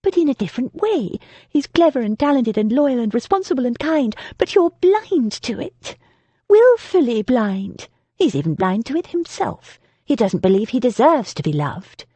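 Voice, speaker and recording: Woman doing a cool firm young heroine, breathy, lively pitch. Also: moderate pace, no echo. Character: young heroine, composed but defiant.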